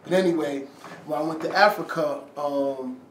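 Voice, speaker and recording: A man's voice: fairly high pitch, moderate pace. A man telling a story in casual slang, acting out quotes and swearing as he goes. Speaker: rapper telling a story after an interview. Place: room, filmed by handheld camera. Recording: echoey room, from a distance, faint ambient noise.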